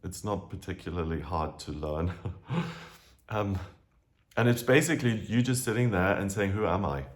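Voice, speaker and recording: A man with a fairly low voice giving an informal astrology reading. He talks in a loose, chatty way, wanders into asides, and often restarts his sentences mid-thought. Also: normal speed, pauses often. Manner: chatty, digressive, with frequent restarts. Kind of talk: casual astrology talk.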